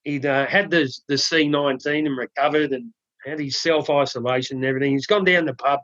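A man co-hosting a podcast, telling a joke in a relaxed, halting way with many ums and restarts. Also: medium pitch, dry recording. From Australia. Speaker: podcast co-host. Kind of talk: casual chat, telling a joke. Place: home studio in the UK. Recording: dry, slightly dull sound.

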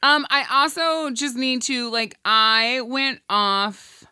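Wordplay-riffing woman, bright voice. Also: fairly high pitch, fairly even intonation, slow pace, clean tone, no room sound, studio quality. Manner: profane, riffing on wordplay and made-up names. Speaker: podcast co-host. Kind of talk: casual comedic banter.

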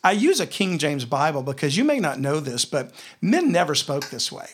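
A man with a Southern US accent teaching a conversational Bible lesson, telling stories and slowing down to read scripture aloud. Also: fairly high pitch, very animated, breathy edge. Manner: storytelling, slows down to read scripture.

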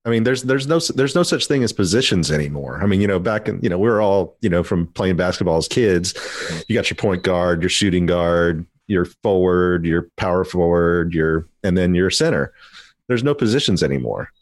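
A man's voice: low-pitched, expressive, moderate pace, dry recording. A man in a casual podcast chat, explaining things in a matter-of-fact way.

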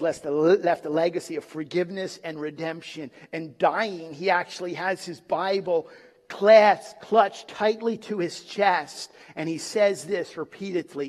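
High-voiced preacher in an echoing hall. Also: male voice. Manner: dramatic, with pauses and acted quotes. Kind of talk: sermon. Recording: long reverb of a large hall.

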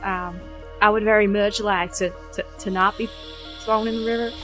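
A woman's voice: mid-range voice, fairly even intonation, normal speed, a bit bright, faint music behind, poor audio. A woman playing a tabletop game, speaking hesitantly and cautiously with small restarts. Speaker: player. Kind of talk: tabletop role-play.

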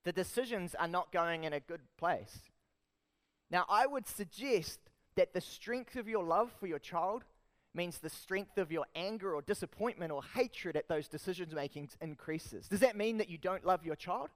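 A man with a New Zealand accent delivers a sermon in a high, light voice. He preaches with lively emphasis, often turning to the congregation with rhetorical questions. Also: moderate pace. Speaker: pastor.

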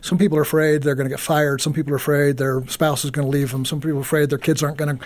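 A man's voice: on the high side, flat delivery, rapid-fire. A man hosting a faith talk show, asking long, rambling questions. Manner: asks long questions with restarts. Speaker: host.

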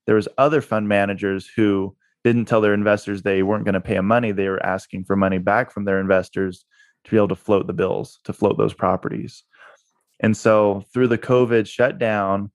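Podcast guest: man, low voice, energetic anecdote-driven talker, dry studio sound. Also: fairly quick, no room sound. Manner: energetic storyteller who repeats words for emphasis. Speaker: guest, real estate investor and broker. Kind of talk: podcast interview. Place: Utah.

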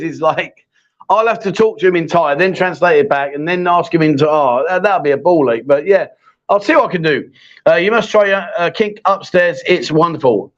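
Jokey man hosting a chat show. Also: high-pitched. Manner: chatty, jokey, reads viewer questions aloud. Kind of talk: casual live chat show. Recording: dull lo-fi stream audio.

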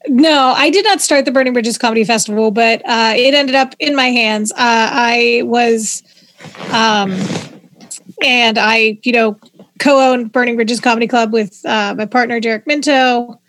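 Pittsburgh-accented woman, high and very dry. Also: steady tone, a bit bright, dry recording. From Pittsburgh, USA. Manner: laughs often, quick storytelling with slips and restarts. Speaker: comedian guest. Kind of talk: casual podcast chat.

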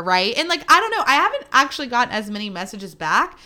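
Bright, chatty woman podcast host. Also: fairly high pitch. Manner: chatty, animated storytelling with quick asides. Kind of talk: casual solo podcast chat.

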